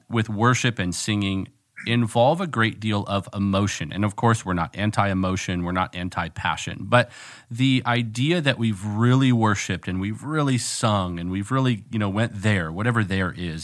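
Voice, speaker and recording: A man's voice: lowish voice, fairly bright tone. A man co-hosting an interview who asks long, earnest questions and searches for his words. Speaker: podcast co-host. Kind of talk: conversational interview.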